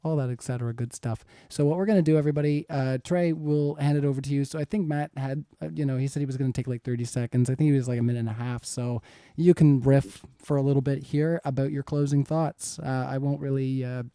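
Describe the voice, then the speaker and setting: A man's voice: mid-range voice, fairly even intonation, fast, mellow, clean tone, no room sound, studio quality. A man in his thirties moderating a live-streamed debate, reading viewer questions in an easygoing, rambling way. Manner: easygoing, rambling, chuckles often.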